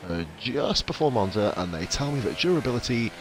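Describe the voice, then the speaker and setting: A man's voice: medium pitch, very animated, brisk, noisy background. A man streaming a racing game, chatting with viewers in profane, jokey banter. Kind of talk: casual live-stream commentary.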